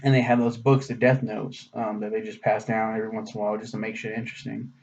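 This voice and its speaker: A man's voice: fairly low pitch, level tone, fast, vocal fry, a little mellow, a little hiss or hum. Profane, rambling man with muffled audio. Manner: profane, sarcastic, loose. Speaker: anime reviewer. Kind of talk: casual rambling review.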